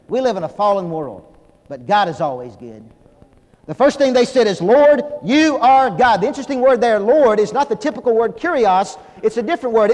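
A middle-aged man delivers a sermon in a chapel, his voice high. He is animated, pokes fun at himself, and keeps calling the congregation folks. Long reverb trails his words. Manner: animated, self-deprecating humor, addresses audience as folks. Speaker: preacher.

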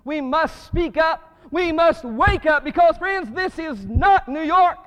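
A male pastor preaching a sermon, swinging between loud, fervent rises and hushed drops. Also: very high voice, takes it slowly. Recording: muffled reverberant church recording.

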